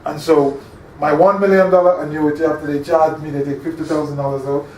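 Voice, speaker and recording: A man's voice: on the high side, level tone, a little fast, a little mellow. A male instructor giving an interactive classroom lecture, often quizzing his listeners and checking that they follow. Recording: echoey room, distant mic, faint hum.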